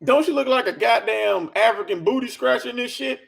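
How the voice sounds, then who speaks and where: A man's voice: very high voice, brisk, gravelly, a bit bright. A man giving an exasperated, profane reaction rant, stammering and repeating himself as he talks. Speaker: commentary vlogger. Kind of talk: ranting reaction commentary.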